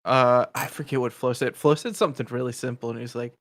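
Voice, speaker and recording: A man's voice: medium pitch, fairly even intonation, fast talker, a bit bright. A man co-hosting a casual podcast chat, retelling stories in a rambling way and laughing often. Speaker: co-host.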